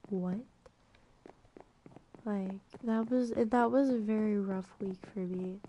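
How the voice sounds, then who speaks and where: A young woman rambling through a personal story, full of filler words, sometimes dropping to a soft whisper. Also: medium pitch, fairly even intonation, takes it slowly, poor audio. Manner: drops to soft whispers at times. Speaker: gaming vlogger. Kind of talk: storytime while playing a game.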